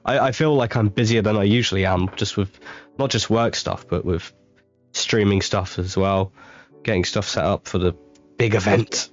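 A man's voice: on the low side, moderate pace, soft background music. Laid-back young man, lo-fi podcast audio. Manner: laid-back, laughs often, rambling storytelling. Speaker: podcast co-host. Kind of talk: casual chat.

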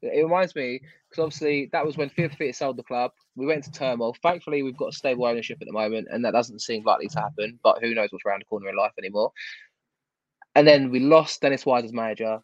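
Blunt man, podcast co-host, rapid talker, dry lo-fi mic. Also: mid-range voice, dry recording. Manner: blunt, ranting, swears. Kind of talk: casual fan chat. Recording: dull lo-fi sound.

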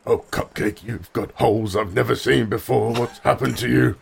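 A man playing a tabletop game, delivering drawn-out in-character lines to his companions. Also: medium pitch, steady tone, gravelly, slight background noise. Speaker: player.

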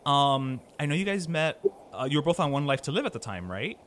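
A man's voice: a little high, sing-song, a little fast, fairly bright tone. A man hosting a podcast, introducing guests in casual chat, laughing easily and dropping Spanish words. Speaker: podcast host.

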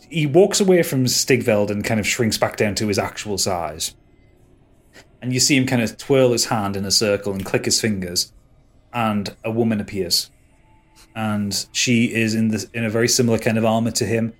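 A man narrating as game master of a tabletop game, rambling and hesitant with fillers. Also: on the low side.

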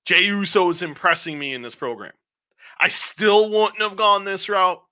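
Podcast co-host, male, bright voice, slightly high, loose rambling review with cursing. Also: moderate pace. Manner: rambling, animated recaps with frequent swearing. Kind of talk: casual show review chat.

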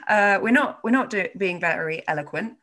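A woman's voice: medium pitch, animated, normal speed, pushed and bright. A woman who teaches yoga, co-hosting a casual chat, swearing freely and laughing often. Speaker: podcast co-host, yoga teacher.

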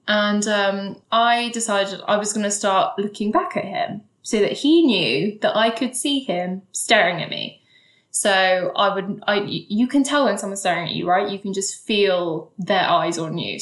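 Woman, casual storytelling vlog, candid and animated, roomy echo, mid pitch. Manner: candid, animated, swears and acts out quotes. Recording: echoey room.

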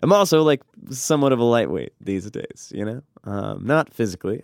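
A man's voice: lowish voice, brisk, creaky, hardly any pauses, dry recording, studio quality. A man telling a comedic personal story in casual chat, swearing often and laughing through it. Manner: profane, laughing, animated.

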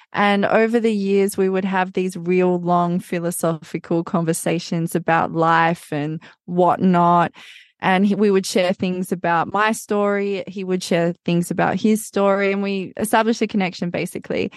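A woman's voice: on the low side, no room sound, studio quality. A woman guest on a podcast, speaking reflectively and telling her story in a casual conversational way. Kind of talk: casual interview chat.

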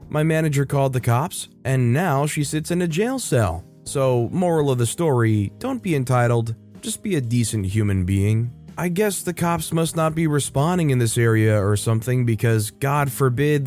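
A man reading a reddit story aloud in a conversational, expressive storytelling manner. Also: medium pitch. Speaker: story narrator. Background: faint background music.

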